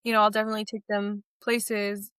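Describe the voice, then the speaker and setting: A young adult woman, an interview guest, telling stories in a lively casual way and acting out what people said. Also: mid-range voice, brisk, clear, resonant tone, no room sound, clean studio sound. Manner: animated, acts out quotes with laughs.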